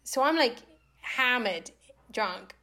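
A young woman, a writer and actor, telling a candid personal story as a podcast guest, lively and animated with lots of "like". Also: on the high side, takes it slowly. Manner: lively, animated retelling with filler "like".

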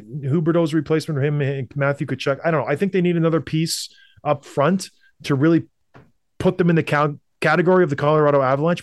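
Recorded dry with studio quality, a Canadian man with a fairly high voice co-hosts a hockey podcast. In this sports talk he gives blunt, emphatic opinions and repeats his points for effect.

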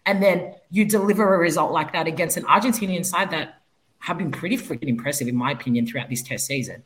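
A woman guesting on a rugby podcast as a pundit, animated and opinionated. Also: low-pitched, quick pace, rough recording. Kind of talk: casual podcast chat.

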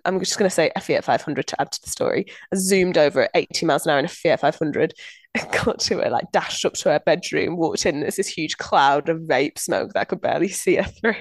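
A woman co-hosting a podcast, telling lively anecdotes in casual chat and laughing often. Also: deep voice, no room sound. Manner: chatty, animated anecdotes with frequent laughter. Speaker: podcast co-host.

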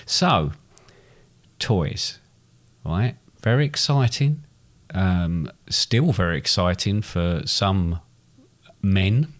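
Low-voiced man in his fifties with an Estuary accent. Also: animated, drawn-out words. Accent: Estuary English. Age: 50s. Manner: easygoing, hesitant with restarts. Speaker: podcast co-host. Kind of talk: casual chat.

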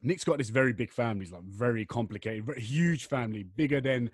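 An English man in his young adult years hosts a casual podcast, talking in a loose, rambling way full of slang. His voice sits at an ordinary middle pitch. The recording is dry and close, with no room sound. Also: fast talker, breathy edge, dry recording. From England. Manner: chatty, rambling, slangy banter. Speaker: podcast host. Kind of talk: casual chat.

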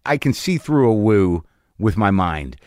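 A man, a comedian guest on a podcast interview, telling crude road stories in a profane, animated way. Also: fairly low pitch, a little slow, dry recording, clean studio sound.

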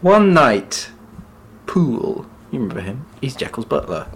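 A man co-hosting a casual book podcast, who chats and laughs, then reads passages in a hushed, slow storytelling voice. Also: mid-range voice, very animated. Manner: chatty, laughs, trails off into musing. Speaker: podcast co-host.

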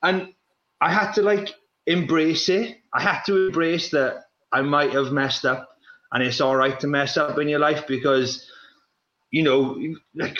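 A man's voice: mid-range voice, a bit bright. A man with a South Wales Valleys accent, a guest who tells long, rambling comic stories in casual podcast chat. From Welsh valleys. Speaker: guest, former pro runner. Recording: echoey, dull room sound.

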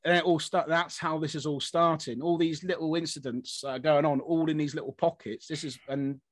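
A man's voice: on the high side, steady tone, a little fast, no echo. A man co-hosting a history podcast, telling stories loosely and circling back on himself with repeated phrases. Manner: loose, repetitive storytelling with many restarts. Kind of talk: casual conversation.

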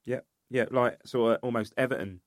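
A man's voice: medium pitch, steady tone, brisk, no echo, studio quality. A man, co-hosting a casual football podcast, reminiscing and chiming in with agreement. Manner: reminiscing, lots of agreeing fillers. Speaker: podcast co-host.

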